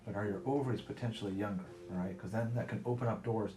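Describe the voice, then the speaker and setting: A man working as a fertility doctor, explaining to a patient in a brisk, reassuring way and checking in often. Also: on the low side, steady tone. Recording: roomy sound with background music.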